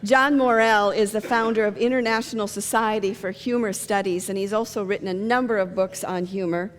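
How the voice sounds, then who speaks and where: A woman pastor giving a sermon, telling funny stories and jokes in a lively storytelling manner. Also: mid-range voice, a little fast. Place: church sanctuary. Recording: long reverb of a church hall.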